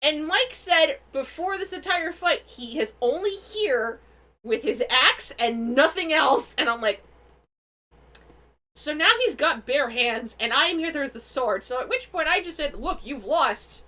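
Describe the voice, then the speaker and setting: A woman casually recounting a tabletop game session on a stream, excitable, laughing and swearing freely. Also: sits high, a little slow.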